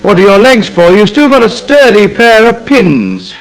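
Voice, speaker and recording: A man's voice: high-pitched, wildly swooping pitch, moderate pace, creaky, exaggerated voice, rough recording. A man doing a pompous, fussy, self-pitying gent. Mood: exasperated. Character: pompous suburban man with a fussy, indignant temper. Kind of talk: AI-voiced comedy sketch.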